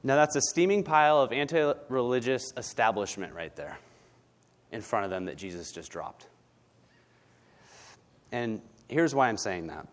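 A man's voice: mid-range voice, lively intonation, moderate pace, long pauses. A male pastor preaching a sermon in a blunt, conversational way, often asking "right?". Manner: blunt, conversational, tag questions.

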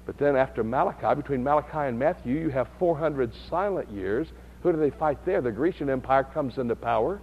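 Man, bible study teacher, builds to loud high emphasis, dull lo-fi sound. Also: expressive, brisk, a little hiss or hum.

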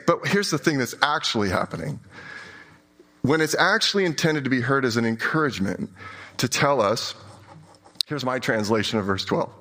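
A man preaching a sermon as a pastor, conversational and self-deprecating, swinging between quiet asides and emphatic peaks. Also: mid-range voice, animated, fairly quick.

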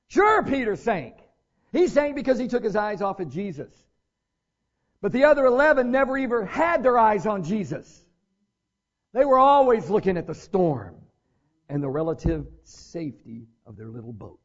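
Pastor, man, animated and conversational sermon delivery, high voice, slightly muffled recording. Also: moderate pace. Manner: animated preaching with conversational asides.

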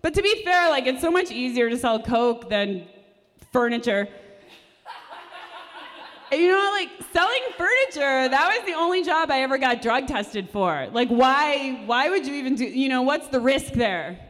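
A young woman with a fairly high, very lively voice works through a stand-up comedy set in a dry, sardonic way. Her voice rings with a long reverb from the live room she performs in. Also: moderate pace, a little hiss or hum. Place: performance space at a live show.

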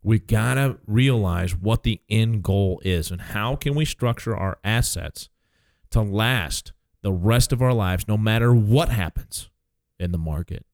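A man's voice: lowish voice, unhurried, darkish tone, no room sound. A man in his sixties hosting a casual financial talk show as an advisor, speaking emphatically and tagging his points with "okay?".

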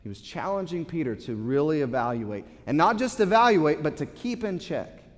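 A man's voice: on the high side, very animated, normal speed. A pastor preaching a sermon to his congregation in a church, earnest and repeating words as he builds his point. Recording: long hall reverb.

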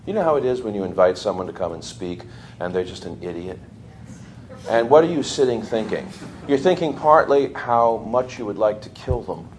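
A man's voice: on the low side, moderate pace, slight background noise. A man giving a history lecture to a class, telling stories animatedly and laughing as he talks. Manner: animated storyteller, laughs while talking. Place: lecture room with students.

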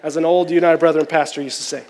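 A man's voice: fairly high pitch, steady tone, quick pace, a little mellow, in a large hall. A man preaching a sermon, telling a personal story in a candid, conversational, self-deprecating way. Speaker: pastor.

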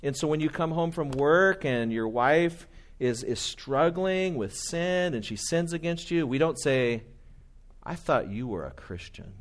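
A man's voice: a little high, a little slow. A man preaching a sermon in an earnest, conversational way, often quoting hymns and older writers. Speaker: pastor.

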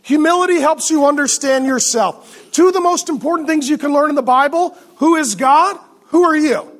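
A male pastor giving an animated, joking sermon with asides to the congregation. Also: very high voice.

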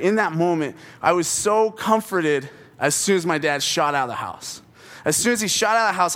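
A man's voice: fairly high pitch, fairly bright tone. Young man telling a funny sermon story. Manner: casual storytelling, humorous, self-deprecating. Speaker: preacher. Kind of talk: sermon opening with a personal story.

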